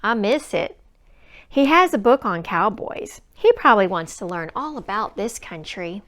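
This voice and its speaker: A woman reading a children's storybook aloud in an expressive, animated way. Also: mid-range voice, moderate pace. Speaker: storybook reader.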